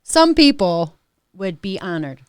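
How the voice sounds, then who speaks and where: A woman's voice: medium pitch, sing-song, a little slow, slight background noise. A woman in casual podcast conversation, chatty and fond of imitating accents. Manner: chatty, drops into mimicked accents. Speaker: podcast co-host.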